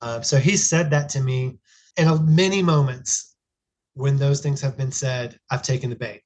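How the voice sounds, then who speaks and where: A man's voice: medium pitch, normal speed, darkish tone. A man in his thirties, a podcast guest, telling a family story in an earnest, reflective way with frequent restarts. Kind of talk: casual conversational storytelling.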